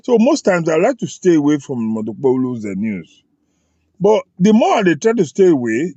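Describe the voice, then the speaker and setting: A man's voice: on the high side, dark tone, husky, no room sound, highs cut off. A man from Edo with a Nigerian accent and Pidgin phrases, giving emphatic political commentary straight to his listeners. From Edo State, Nigeria. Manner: emphatic, addresses listeners directly, fills pauses with "uh". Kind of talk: opinionated political commentary to camera.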